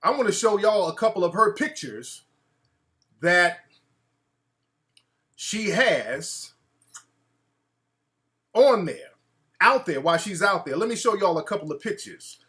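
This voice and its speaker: A man hosting a talk show, ranting in an animated, mocking way and putting on voices to quote people. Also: high voice, slow, pauses often. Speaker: show host. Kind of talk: casual talk-show rant.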